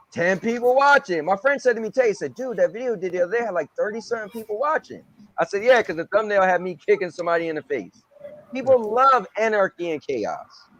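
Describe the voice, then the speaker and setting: Young guy on a podcast, high voice that jumps all over, acts out everybody in his stories. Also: dull audio. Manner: animated storyteller acting out quotes. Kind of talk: casual chat.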